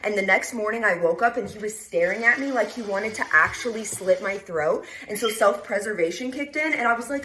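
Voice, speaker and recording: A woman's voice: medium pitch, lively intonation, moderate pace, a bit bright, a little hiss or hum. A woman in her twenties telling a personal story in a casual, blunt way, swearing freely. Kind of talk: storytime video.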